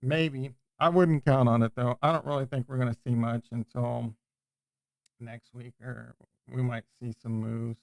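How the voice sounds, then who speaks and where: A man's voice: mid-range voice, level tone, a little slow, creaky, a little mellow, dry recording. A man hosting a casual livestream, chatting in a rambling way and often breaking off and restarting his sentences. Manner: rambling, self-interrupting, chatty. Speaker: crypto livestream host.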